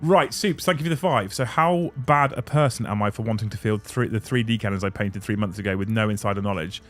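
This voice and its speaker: A man's voice: fairly low pitch, a little fast. Brief: male streamer, blunt and sweary, exasperated rant, music faint underneath. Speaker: streamer host reading super chats. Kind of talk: casual livestream rant.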